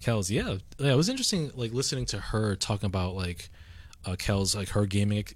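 Rambling man with a low voice. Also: animated, a little fast, no echo. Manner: rambling, many "like" fillers and restarts. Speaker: podcast co-host. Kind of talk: casual chat.

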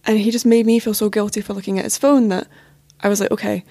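Young woman, podcast guest, personal storytelling, candid and hesitant, vocal fry, dry close sound. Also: medium pitch, level tone, quick pace, mellow, no room sound. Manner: candid, hesitant, lots of "like" and "you know".

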